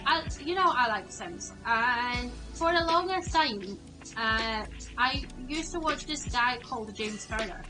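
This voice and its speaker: High-voiced rambling woman streamer. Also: lively intonation, unhurried, over music, low-quality recording. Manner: rambling, self-interrupting. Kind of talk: casual gaming chat.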